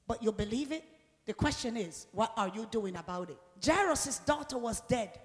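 A woman preacher giving a sermon in call-and-response style. She drives the congregation with repeated questions and builds to shouted peaks. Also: on the high side, animated, normal speed. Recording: long reverb of a large hall.

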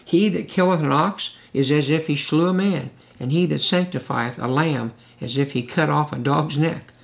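Gravelly preacher man, slow scripture reading. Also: fairly high pitch. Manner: reads scripture slowly, breaks in with asides to the listeners. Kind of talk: sermon, Bible teaching.

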